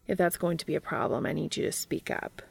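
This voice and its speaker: A calm man speaks evenly and softly with quiet authority, as a woman reading a story puts him on. His voice sits low with a gravelly texture. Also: quick pace, no echo, full character voice. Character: calm, commanding but gentle man.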